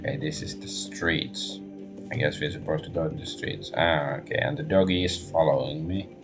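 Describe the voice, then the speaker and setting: A man's voice: rumbling low, normal speed, vocal fry, music in the background. A man streaming a role-playing game, muttering hesitant thoughts aloud as he plays. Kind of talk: let's-play commentary.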